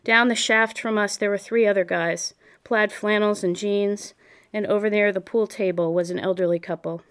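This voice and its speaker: A woman narrates a memoir in a measured, reflective storytelling manner. Her voice is smooth and resonant at a middle pitch. It sounds like a clean audiobook reading. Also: steady tone, fairly bright tone.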